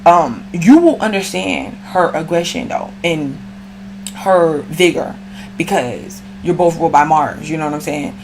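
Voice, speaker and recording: A woman's voice: deep voice, lively intonation, a little slow, darkish tone, slight background noise. A woman giving a casual, slangy astrology reading and talking straight to the viewer. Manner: slangy, chatty, addresses viewer directly. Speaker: astrology reader.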